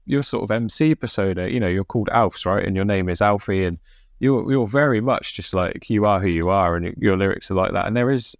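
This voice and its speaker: Low-voiced English man hosting a podcast. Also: brisk, gravelly, dry recording, clean studio sound. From England. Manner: rambling, swears casually. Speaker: podcast host. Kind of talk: casual chat.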